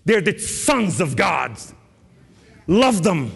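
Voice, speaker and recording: A man from Lebanon preaching an emphatic testimony sermon with sudden rises and dramatic pauses. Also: fairly high pitch, lively intonation, long reverb tail. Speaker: guest preacher.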